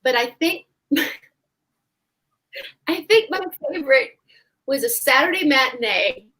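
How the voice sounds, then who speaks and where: A woman with a somewhat high voice tells a stage story with animation. She acts out the voices of the people in her anecdote, chatting the way performers do in a live online talk. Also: lively intonation, unhurried, sharp tone, poor audio. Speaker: stage actress.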